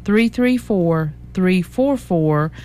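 Woman, Southern US accent, local radio co-host, somewhat low pitch, slow reading of ads and phone numbers. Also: animated, warm tone. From American South. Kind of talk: casual chat and reading classified ads.

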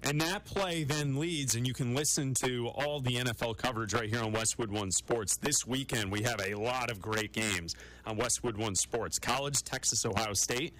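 A man co-hosting a national sports radio talk show, brisk and conversational, moving quickly through show promos and game breakdown. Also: mid-range voice, fairly bright tone, rough recording.

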